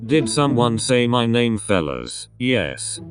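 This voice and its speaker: A man casually reading out a fan-made group text chat in a deadpan way. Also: mid-range voice, takes it slowly. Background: background music.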